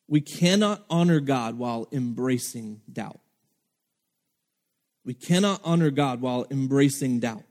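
A man's voice: mid-range voice, expressive, unhurried, a little mellow, long reverb tail. A man preaching a sermon as pastor, earnest and emphatic, acting out the lines of the people he quotes.

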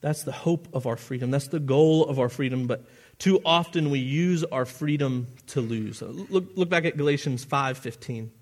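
A man's voice: mid-range voice, moderate pace. A man preaching a sermon as pastor, earnest and often restarting his phrases, with the odd chuckle at his own asides.

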